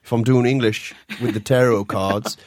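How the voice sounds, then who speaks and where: A man's voice: mid-range voice, fairly even intonation, moderate pace, a little mellow. A man hosting a casual chat, jokey and swearing a lot. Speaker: host.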